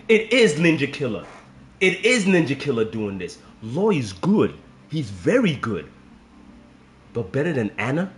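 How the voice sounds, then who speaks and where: A man delivering a profane fighting-game commentary rant, swinging between low grumbling and shouted outbursts. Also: reverberant. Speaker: fighting game content creator.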